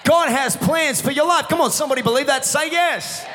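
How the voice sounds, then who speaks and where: A male pastor preaching a passionate sermon that builds into shouts, his voice going hoarse. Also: very high-pitched, brisk, big-room sound, noisy background. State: losing his voice. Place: church hall. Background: music playing underneath.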